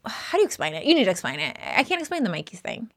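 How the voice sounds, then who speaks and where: A young adult woman co-hosting a casual podcast, chatty and animated as she tells stories. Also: a little high, racing. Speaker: podcast co-host. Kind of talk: casual chat.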